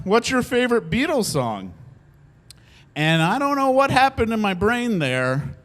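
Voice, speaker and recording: A young man telling a funny personal story on stage, laughing often and acting out the voices of the people in it. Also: high-pitched. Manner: animated, laughs often, acts out quotes. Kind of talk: live comedic storytelling.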